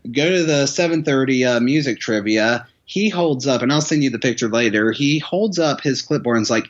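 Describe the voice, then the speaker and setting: A man's voice: medium pitch, expressive, brisk, hardly any pauses. A man chatting casually as a podcast guest, telling a long story full of restarts and repeated words. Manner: rambling storyteller with many restarts. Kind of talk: casual chat. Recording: dull lo-fi sound.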